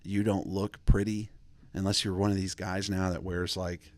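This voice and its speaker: A man's voice: low voice, level tone, normal speed, a little mellow, no echo. A man hosting a podcast, talking in a loose, rambling comic monologue. He wanders off on tangents and laughs at his own jokes. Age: adult father of kids. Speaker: podcast host.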